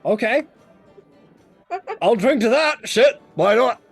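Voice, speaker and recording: A man voicing a big, boisterous, hard-drinking warrior who talks loud and pushy, over faint music. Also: on the high side, sing-song, moderate pace, creaky, heavily acted. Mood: teasing.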